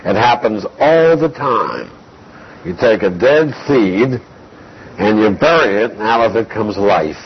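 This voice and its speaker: A man preaching an expository Bible lesson, slow and deliberate, reading scripture aloud between explanations. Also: lowish voice, animated, husky. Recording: dull lo-fi recording.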